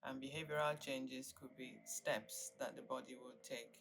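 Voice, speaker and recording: A woman's voice: rumbling low, fairly even intonation, moderate pace, vocal fry, soft background music, poor audio. An older woman, a psychiatrist, presents an online stress workshop in an earnest, emphatic and reassuring way. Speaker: psychiatrist leading a wellbeing workshop.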